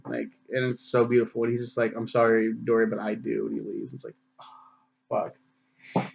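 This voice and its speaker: A man's voice: medium pitch, little pitch movement, fast, gravelly, darkish tone, highs cut off, a little hiss or hum. A man in his twenties casually recapping a film, rambling with lots of fillers and swearing. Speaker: film reviewer.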